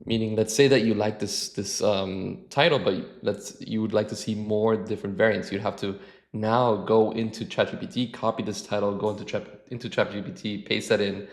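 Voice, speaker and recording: Man, lowish voice, casual tech tutorial host, relaxed with lots of restarts. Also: normal speed. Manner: relaxed, with frequent restarts and filler phrases. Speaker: channel host. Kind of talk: casual screen-share tutorial.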